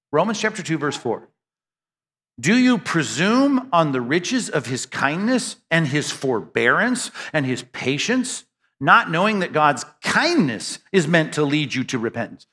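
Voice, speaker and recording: A man preaching an animated sermon in a church, talking straight to the congregation and firing off rhetorical questions. His voice sits a little high for a man and swings widely in pitch. The tone is bright and forceful. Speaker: pastor.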